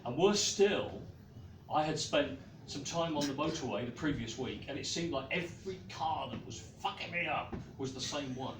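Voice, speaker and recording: A man's voice: on the high side, expressive, noisy background. A man giving a comic poetry reading at a small live venue, hesitant between pieces with fillers. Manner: slow, deliberate delivery with hesitant fillers. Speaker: performance poet. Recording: roomy, distant live room mic.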